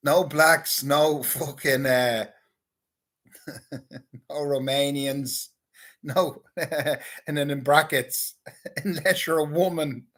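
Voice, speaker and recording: A man's voice: medium pitch, fairly even intonation, extremely slow, long pauses, fairly bright tone. A man in a casual, rambling monologue, talking crudely and swearing often. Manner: crude, profane, rambling banter. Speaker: vlogger.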